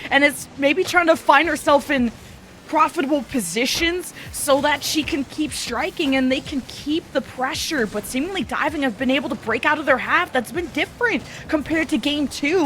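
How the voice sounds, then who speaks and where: A woman's voice: sits high, normal speed, fairly bright tone, a little hiss or hum. A woman giving color commentary on a live esports match, breaking down plays analytically and laughing easily. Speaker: esports caster.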